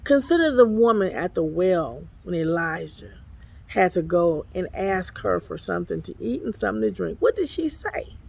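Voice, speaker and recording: A woman apostle and ministry overseer films herself on her phone outdoors by the water behind an apartment complex, giving a casual devotional talk. Her fairly low, darkish, slightly rough voice carries vocal fry, and she speaks at a moderate pace with lots of expression. She's folksy and exclamatory, calling listeners "honey" and "y'all."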